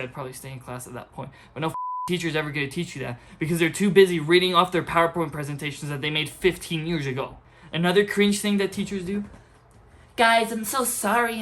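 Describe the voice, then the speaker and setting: Young guy ranting about school, swears a lot, english not his first language, kinda high voice. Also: fairly bright tone, slight background noise. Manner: angry, profane, repetitive ranting. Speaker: community college student, vlogger. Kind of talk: ranting monologue.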